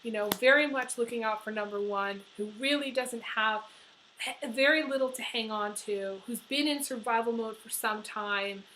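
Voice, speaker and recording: A middle-aged woman giving a casual tarot reading, blunt and chatty, swearing freely and filling pauses with "you know". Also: a little high, bright, forceful tone, a little hiss or hum, rough recording. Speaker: tarot reader.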